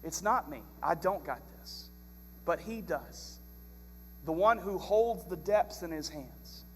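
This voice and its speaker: High-voiced preacher in a reverberant sanctuary. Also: male voice, takes it slowly, a little hiss or hum. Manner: animated storytelling preacher. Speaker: pastor. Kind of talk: sermon. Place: church sanctuary.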